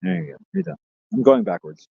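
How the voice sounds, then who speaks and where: Gravelly, animated male streamer. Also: a little high, a little fast, no echo, narrow, tinny audio. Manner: joking, rambling, reads out viewer comments. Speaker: livestream host. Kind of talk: casual chat with viewers.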